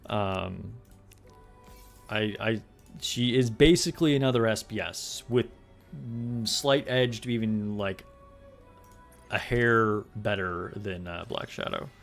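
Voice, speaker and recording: A young man chatting casually with his live-stream chat while playing a game, relaxed and quick to laugh. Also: on the low side, creaky, soft background music. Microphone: desk microphone.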